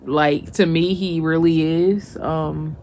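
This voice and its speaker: A woman's voice: sits low, steady tone, takes it slowly, a little mellow. A young woman chatting casually in her home kitchen as a mom vlogger. She laughs often and gets teary and sentimental as she talks. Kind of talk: casual kitchen vlog chat. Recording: noisy home recording.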